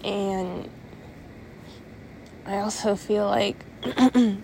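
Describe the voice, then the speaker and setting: A young woman vlogging at home, high and upset, rambling through a sweary confessional rant and laughing nervously between phrases. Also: takes it slowly, gravelly, pauses often, a little mellow, a little hiss or hum. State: upset, near tears. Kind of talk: casual confessional vlog rant. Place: home, indoors.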